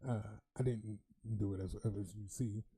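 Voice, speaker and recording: Low husky guy on a studio podcast, dark mellow voice, emotional, gets loud telling stories. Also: fairly even intonation, normal speed, no room sound. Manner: emotional, talks in bursts, rising loud when telling stories. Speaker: podcast co-host. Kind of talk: casual podcast chat. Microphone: studio mic.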